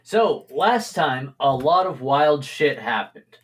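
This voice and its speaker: A man's voice: mid-range voice, sing-song, slow, breathy edge. A man narrating as game master of a tabletop role-play podcast, laid-back, with many filler words and chuckles.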